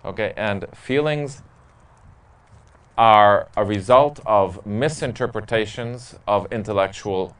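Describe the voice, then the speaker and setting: A man's voice: lowish voice, takes it slowly, a bit bright, smooth, recorded from a distance. A man, a priest, answering questions from a parish group in a candid, joking way. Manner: candid, joking storyteller who laughs at his own stories. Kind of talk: casual Q&A talk to a parish group.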